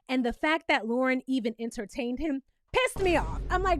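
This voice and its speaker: A woman's voice: sits high, lively intonation, normal speed, a little hiss or hum. A woman giving sassy, emphatic commentary as she reviews a reality TV show. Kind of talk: casual commentary vlog.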